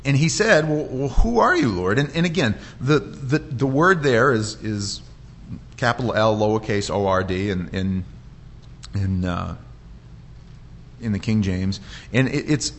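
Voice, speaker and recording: A man's voice: medium pitch, measured pace, long pauses. Man preaching a conversational sermon. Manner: conversational, with frequent restarts and animated quoted voices. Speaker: pastor. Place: church.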